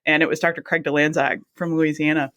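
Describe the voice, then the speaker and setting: A woman's voice: sits low, quick pace, muffled recording. Chatty woman telling her story. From South Mississippi. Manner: chatty, animated, acts out her own quoted reactions. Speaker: guest, anesthesiologist assistant. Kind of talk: casual storytelling interview.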